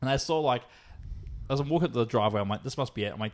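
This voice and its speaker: A man's voice: medium pitch, very fast. A young man, co-hosting a podcast and telling a story in casual, swearing chat. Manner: swearing, animated retelling with acted quotes. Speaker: podcast co-host.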